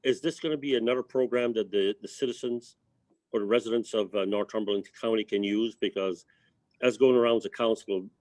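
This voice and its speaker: A councillor asking a question at a council meeting over a video call, halting and searching for words. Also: male voice, lowish voice, fairly even intonation, a little mellow, dry recording, poor audio.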